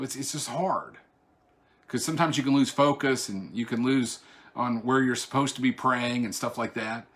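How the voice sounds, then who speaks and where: With a fairly bright, medium-pitched voice, a pastor runs an online Bible study in a chatty style full of asides and restarts. He shifts into a louder, declaiming delivery for the scripture readings.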